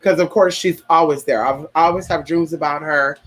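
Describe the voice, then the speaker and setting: Hosting a relaxed livestream, a man speaks briskly in a slightly high, somewhat bright voice with a steady tone. He's sassy and chatty, calling his audience honey and girl, yet grows earnest and heartfelt discussing grief. The audio is poor.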